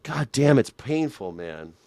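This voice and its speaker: A man's voice: medium pitch, very animated, unhurried, a little mellow, dry recording. Profane male host in a sarcastic rant, dry close sound. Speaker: live show host. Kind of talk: ranting reaction commentary.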